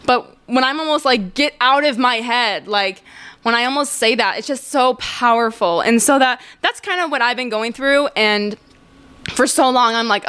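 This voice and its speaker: A woman's voice: on the high side, normal speed, a bit bright. A woman in her twenties hosting a podcast, talking in a rambling, candid monologue full of "like". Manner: rambling and candid, heavy use of "like". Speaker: podcast host. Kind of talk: casual monologue.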